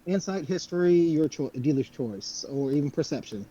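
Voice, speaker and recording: A man narrating as game master in a tabletop game, loose and halting with lots of fillers. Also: on the high side, animated, mellow, dull audio.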